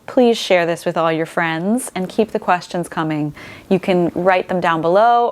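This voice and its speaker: Woman, voice coach, lowish pitch, clear explanatory lesson delivery. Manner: explains clearly, shifts voice to demonstrate. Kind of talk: instructional talk to camera.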